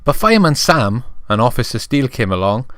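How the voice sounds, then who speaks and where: A man's voice: medium pitch, sing-song, a little fast, fairly bright tone, dry recording, clean studio sound. A man narrating a toy play story and chatting to young viewers as a channel host.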